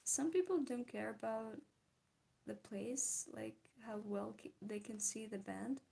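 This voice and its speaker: Giggly, soft-toned young woman chatting. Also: a little high, a little slow, vocal fry, breathy edge. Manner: giggly, chatty, reads and answers chat. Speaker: streamer chatting with viewers. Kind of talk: casual chat while drawing.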